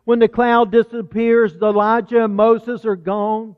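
A man preaching a sermon in a conversational way, slowing down to stress key words. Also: very high voice, level tone, clear, resonant tone. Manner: conversational preaching, slows for emphasis. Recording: tinny phone-like sound with long hall reverb.

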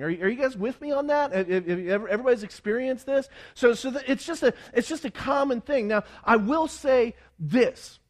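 This man's pitch is extremely high as he preaches, animatedly recounting a story to the congregation with frequent stumbles, restarts, and dramatized quotations.

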